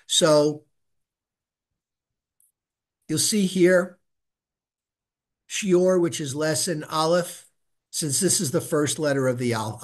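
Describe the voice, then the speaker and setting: A middle-aged man leads a beginners' Hebrew reading class and patiently models each sound for the students to repeat. His voice sits a little high, and he talks slowly and without hurry. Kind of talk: live class instruction.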